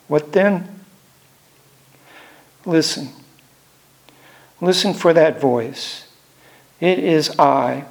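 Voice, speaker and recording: An older man preaching a sermon in a measured way, repeating phrases for emphasis. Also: on the high side.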